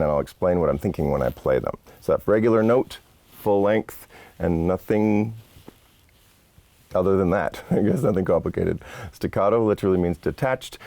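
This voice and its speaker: Deep gravelly guy explaining horn articulation, dark dry sound. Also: dry recording. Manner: patient, explanatory, casual asides. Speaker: horn teacher. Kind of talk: instructional lesson. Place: studio set.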